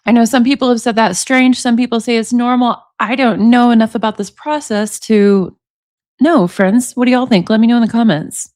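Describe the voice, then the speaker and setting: A woman in her forties with a lilt, talking through a true-crime book for her channel. Her voice sits slightly high and the recording is dry and close. She keeps turning to her listeners with "what do y'all think.". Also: moderate pace, a little mellow, no echo. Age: 40s. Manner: chatty, asks viewers for opinions. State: allergies. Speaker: commentary channel host. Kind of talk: casual true-crime commentary, reading book excerpts.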